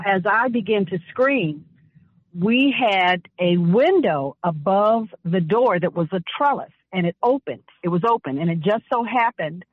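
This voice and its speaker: Her commentary on the radio talk show is impassioned, woven around a personal story told deliberately and emphatically with repeated phrases. The woman's voice sits mid-range, recorded dry, in dull lo-fi radio sound.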